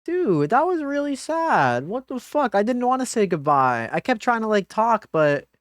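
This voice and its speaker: A woman's voice: a little high, big pitch swings, moderate pace, dry recording, studio quality. A woman streamer giving live gaming commentary, reading dialogue choices aloud and swearing in dismay.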